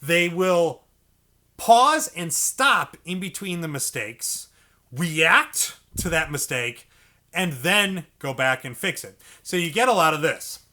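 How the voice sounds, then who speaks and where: High, lively-voiced man teaching saxophone. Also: takes it slowly. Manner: patient, repetitive step-by-step coaching. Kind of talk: instructional explanation for beginners.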